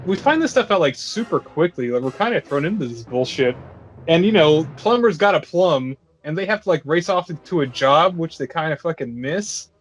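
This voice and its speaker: A man's voice: on the high side, expressive, moderate pace, dull audio, slight background noise. A man co-hosting a casual movie review podcast, sarcastic and profane as he sums up the plot. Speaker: podcast co-host. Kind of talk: casual movie review banter over beers.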